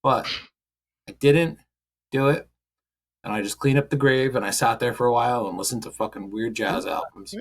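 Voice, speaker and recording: A man's voice: medium pitch, normal speed, long pauses. Joking, profane male podcast host. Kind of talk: casual podcast chat.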